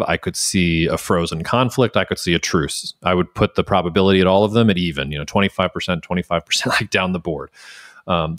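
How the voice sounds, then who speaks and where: A man's voice: low voice, no echo, studio quality. A man co-hosting a casual podcast, hedging and thinking aloud with frequent restarts. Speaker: podcast co-host.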